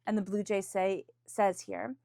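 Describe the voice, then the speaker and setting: A woman's voice: medium pitch, flat delivery, unhurried, creaky, mellow, no room sound, clean studio sound. Earnest woman giving a tarot reading. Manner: earnest and encouraging, often restarting phrases; calls on angels and spirit guides in a chanted aside. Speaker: tarot reader. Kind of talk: weekly tarot reading, spoken off the cuff.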